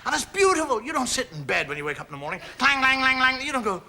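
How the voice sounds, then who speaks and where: High-pitched, lively male comedian. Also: rapid-fire, gravelly. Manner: chatty, playful storytelling that acts out gestures. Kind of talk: stand-up monologue to a studio audience.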